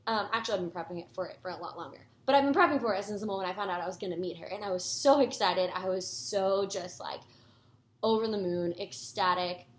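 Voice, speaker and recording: Young woman vlogger, casual and chatty, excitable storyteller, echoey room sound. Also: mid-range voice, fast talker, slight background noise. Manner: rambling, excitable, fillers like "like" and "guys".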